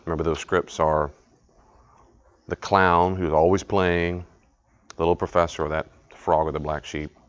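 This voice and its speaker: A man with a lowish voice leads a live study session, talking through the ideas in a loose, conversational way. He repeats himself and keeps asking the group questions. The recording sounds dull and lo-fi. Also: little pitch movement, normal speed, long pauses.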